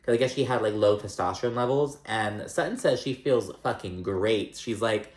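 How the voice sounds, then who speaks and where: A man's voice: mid-range voice, moderate pace, few pauses, darkish tone, echoey room. A man casually recapping reality TV in a chatty, rambling way, swearing freely and peppering his talk with "like". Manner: chatty, profane, rambling with many likes. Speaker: recap vlogger.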